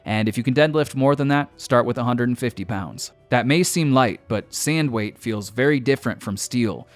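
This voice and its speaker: A man's voice: medium pitch, moderate pace. A man, a strength coach, giving a confident, emphatic scripted voice-over with direct advice.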